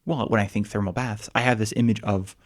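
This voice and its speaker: A man's voice: lowish voice, steady tone, fast. A man co-hosting a casual travel podcast, chatty and jokey, often trailing off mid-sentence. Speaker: podcast co-host. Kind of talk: casual chat.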